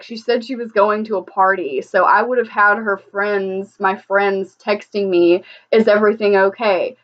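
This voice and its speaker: With the highs cut off, this medium-pitched woman offers offhand reaction commentary as a vlogger watching a video. Her delivery is heated, blunt and full of profanity, and she frequently starts sentences over.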